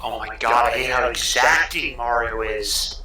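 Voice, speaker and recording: Bright, sardonic male co-streamer. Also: medium pitch, unhurried, a little hiss or hum. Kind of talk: casual chat. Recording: very echoey room with music.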